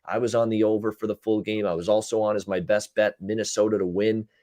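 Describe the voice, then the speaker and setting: Low-voiced man recapping hockey games. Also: steady tone, mellow, no room sound. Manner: fast game recaps with frequent uh fillers. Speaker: betting show host and handicapper. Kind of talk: casual sports betting chat.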